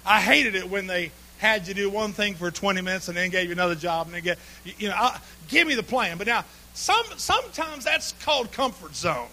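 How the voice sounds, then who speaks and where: A man preaching a humorous sermon, telling folksy stories with sudden bursts of shouting and laughter. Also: high voice, expressive, fairly quick, few pauses, slight background noise.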